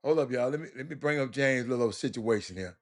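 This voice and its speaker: Talking fast in a mid-range voice, a Houston, Texas man hosts a casual sports talk livestream. He's lively and quick to laugh, and he keeps speaking straight to his chat.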